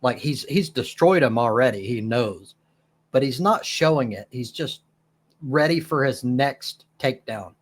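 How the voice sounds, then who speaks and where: A man's voice: medium pitch, animated, measured pace. A man commenting on a clip in a scornful, profane, casual way. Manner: scornful, laughing. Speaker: reaction video host.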